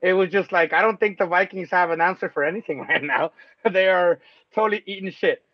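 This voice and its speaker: High-voiced excitable man on a podcast. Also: fairly quick, no echo. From Mexico. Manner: loose, profane, excitable, laughs often. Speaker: podcast host. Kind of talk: casual sports chat. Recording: dull lo-fi sound, dry.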